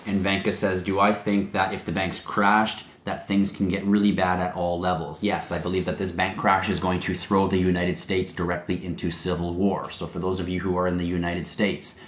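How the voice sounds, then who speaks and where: Low-voiced man, confident livestream host. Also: little pitch movement, moderate pace, few pauses. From Canada. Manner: emphatic, confident, preachy. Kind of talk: casual livestream talk. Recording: roomy echo.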